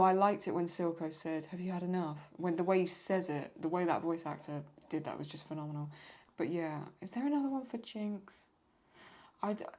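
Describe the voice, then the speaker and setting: A woman talks in a loose, rambling way, as a video host answering viewer questions. Her voice sits a little low for a woman. She keeps paraphrasing and stopping to apologize when she loses her thread. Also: a little mellow. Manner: rambling, paraphrasing lines, apologizes for getting stuck. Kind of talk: casual chat.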